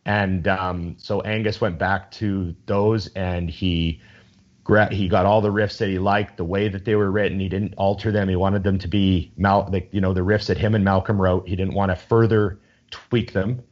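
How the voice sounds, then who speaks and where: A man's voice: low-pitched, level tone, normal speed, muffled recording. A man in casual chat, rambling with enthusiasm and swearing freely as he talks.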